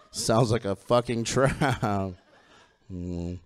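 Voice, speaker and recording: A man's voice: medium pitch, expressive, moderate pace, no echo. A middle-aged man performing a stand-up comedy set on a theatre stage, campy and self-deprecating, with punchy lines and frequent giggles.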